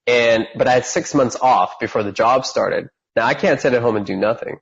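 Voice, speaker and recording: Speaking at a moderate pace, a Californian podcast guest in his thirties tells his story with plenty of energy, slipping into the voices of the people in it. His mid-range voice has vocal fry and a breathy edge, and the audio is dull.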